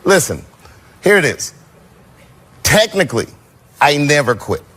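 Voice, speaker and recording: A man's voice: on the high side, big pitch swings, unhurried. A man guesting on a talk show, chatting in a laid-back, rambling way. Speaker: comedian guest. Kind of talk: casual talk-show conversation. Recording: loud background noise.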